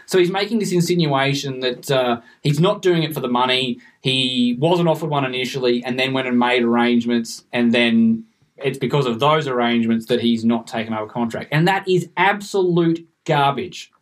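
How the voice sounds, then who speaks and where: A man's voice: medium pitch, normal speed. A man co-hosting a casual sports podcast, ranting in an emphatic, passionate way. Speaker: podcast co-host. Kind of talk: casual cricket podcast chat.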